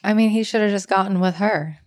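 A young woman co-hosting a podcast, reacting in casual chat with animated laughs. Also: medium pitch, a little fast, dry recording, clean studio sound. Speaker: podcast co-host.

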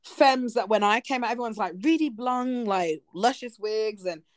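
A woman in her thirties chatting casually on a talk show, animated and expressive, with quick asides. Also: a little high, a crowd in the background. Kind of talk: casual chat.

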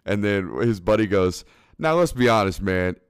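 A man's voice: on the low side, expressive, moderate pace, smooth, no room sound, studio quality. A man hosting a casual podcast chat, laid-back, with lots of fillers and frequent laughter. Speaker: podcast host.

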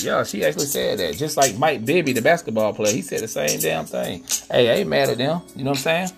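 A man's voice: mid-range voice, lively intonation, brisk, gravelly, few pauses, soft background music. A middle-aged man hosting a podcast, talking casually and preachily, often asking "you know what I'm saying". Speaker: podcast host. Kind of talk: casual monologue.

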